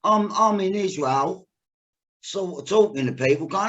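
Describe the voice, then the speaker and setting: A man's voice: high voice, lively intonation, moderate pace, fairly bright tone, breathy edge. A man with a South East London accent hosting a podcast, telling rambling stories and swearing freely. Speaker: podcast host. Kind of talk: casual chat.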